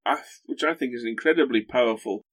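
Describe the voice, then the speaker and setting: A man chats casually as a podcast guest. His voice sits at an ordinary middle pitch. He talks in an animated way, often breaking off and restarting his sentences. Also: quick pace. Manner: animated, full of restarts and self-corrections. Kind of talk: casual chat.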